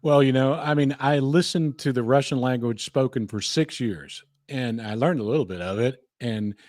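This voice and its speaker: A man in his fifties hosting a podcast, speaking close into the mic in a dry, dead room. His middle-range voice stays relaxed and chatty, with an easy enthusiasm and a readiness to laugh at himself. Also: medium pitch, normal speed, no echo. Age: 50s. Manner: chatty, enthusiastic, self-deprecating. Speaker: podcast host. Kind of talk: casual radio-style commentary. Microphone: close microphone.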